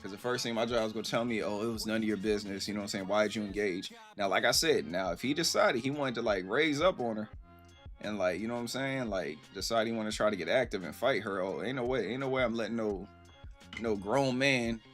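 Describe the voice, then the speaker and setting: A man telling a story casually to his live stream chat, animated and rambling, acting out the voices he quotes. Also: medium pitch, brisk, faint music behind.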